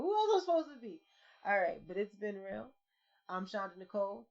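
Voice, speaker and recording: A woman co-hosting a podcast in casual chat, loud and animated, swearing and acting out quotes. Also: mid-range voice, moderate pace. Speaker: podcast co-host. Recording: dull lo-fi podcast audio.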